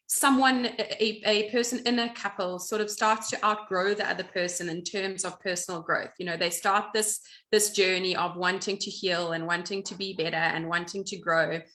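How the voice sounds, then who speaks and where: A woman's voice: mid-range voice, bright, forceful tone. A woman co-hosting, asking long, rambling questions with enthusiasm. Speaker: co-host.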